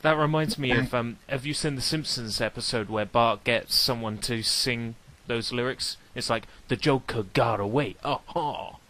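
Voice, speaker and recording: Bright-voiced joking man. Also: medium pitch, fairly even intonation, moderate pace, hardly any pauses. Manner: joking, easygoing. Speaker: host playing video games on a livestream. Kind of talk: casual chat.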